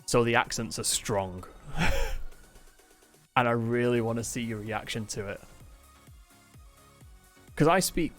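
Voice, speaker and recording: A man's voice: mid-range voice, lively intonation, slow, pauses often, faint music behind. A man with an accent between Manchester and Yorkshire, chatting casually to his live-stream audience from home and laughing often. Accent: mix of Manchester and Yorkshire. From England. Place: home, mid-move. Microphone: desk mic, camera on temporary tripod.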